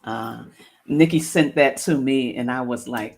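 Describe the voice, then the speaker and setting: Gravelly-voiced woman hosting a talk show. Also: rumbling low, unhurried, a little mellow. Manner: reflective, encouraging, loose phrasing. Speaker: show host.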